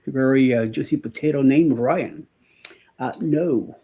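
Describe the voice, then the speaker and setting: A man's voice: mid-range voice, a little slow, warm tone, breathy edge. A man co-hosting a casual morning live show, joking and rambling with lots of fillers and laughter. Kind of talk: casual live-stream chat.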